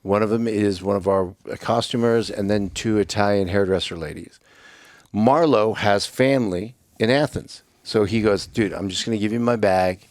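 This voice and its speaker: A man's voice: lowish voice, normal speed, no echo. Profane middle-aged man spinning a wild story. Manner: animated, swearing, acts out dialogue. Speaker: podcast guest.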